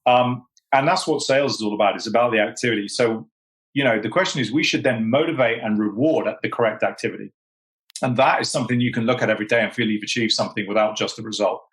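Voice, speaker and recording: A British man from the United Kingdom, a sales executive appearing as a guest, talks in a casual chat with a mid-range, fairly bright voice at a fast pace. He is emphatic and fills his speech with "you know," and the recording quality is low.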